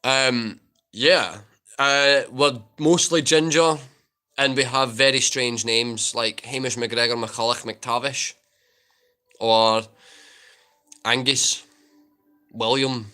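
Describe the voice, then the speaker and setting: A young Scottish man hosts a relaxed livestream, trading jokes and answering viewers in an easygoing, talkative way. His voice is bright and forceful at a middle pitch. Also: slow, pauses often. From Scotland. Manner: joking, chatty, reads and answers viewer comments. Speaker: livestream host answering chat. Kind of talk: casual livestream Q&A.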